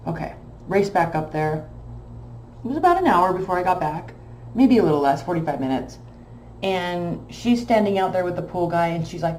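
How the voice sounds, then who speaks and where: A woman casually telling a long personal story, emotional and animated, with many fillers. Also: on the low side, normal speed, reverberant, a little hiss or hum. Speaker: tarot channel host.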